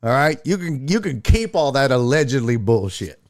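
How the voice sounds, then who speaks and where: Speaking at normal speed in a medium-pitched, sing-song voice, this streaming sports show host keeps things casual. He reads the chat out loud and responds with blunt, profane, mocking opinions.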